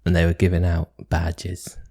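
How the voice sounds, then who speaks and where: A man's voice: sits low, completely flat delivery, normal speed, gravelly, darkish tone, slightly rough. Dry-witted man co-hosting a podcast. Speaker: podcast co-host. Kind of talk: casual chat.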